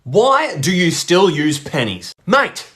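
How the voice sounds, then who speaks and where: Brief: loud-mouthed Australian man running comic top-three lists, fairly high voice that swings all over. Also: sing-song, normal speed. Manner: brash and sweary, slangy. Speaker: comedy content creator. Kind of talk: comic countdown commentary.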